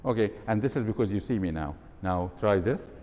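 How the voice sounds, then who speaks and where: A man with a dark tone and lively intonation speaks a little fast as he gives a live workshop talk in an event hall, quizzing the audience and demonstrating tones of voice. The recording has long hall reverb and a faint rumble.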